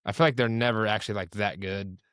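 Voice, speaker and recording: A man's voice: on the low side, fairly even intonation, fast talker, a bit bright, clean tone, dry recording, studio quality. A young man co-hosting a casual chat over a video call, talking in a loose, rambling way and breaking off mid-sentence. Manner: casual, rambling, self-interrupting. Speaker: co-host.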